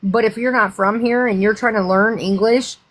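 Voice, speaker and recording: American woman, mid-pitch, casual host, rambly and profane. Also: fairly even intonation, normal speed. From United States. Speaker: livestream host. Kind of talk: casual chat.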